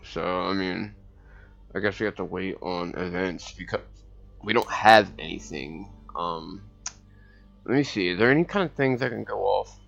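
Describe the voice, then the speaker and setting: A man's voice: sits low, moderate pace, vocal fry, fairly bright tone, lo-fi sound. A man casually commenting on a strategy game as he plays, thinking aloud and reading game text, with hiccups now and then. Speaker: gameplay commentator. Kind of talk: casual let's-play commentary.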